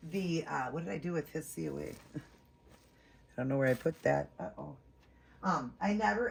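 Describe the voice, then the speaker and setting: A woman's voice: low-pitched, vocal fry, breathy edge. A woman vlogger chatting to camera, gushing and affectionate, with many fillers. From United States. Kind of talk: casual chat to camera.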